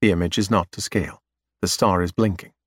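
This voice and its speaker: Steady male audiobook narrator. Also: low-pitched, a little fast, dry recording, clean studio sound. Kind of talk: scripted narration.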